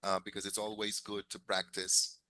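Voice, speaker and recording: A man's voice: lowish voice, completely flat delivery, moderate pace, bright, forceful tone. A man teaching an English class, encouraging his students, drilling phrases and chuckling often.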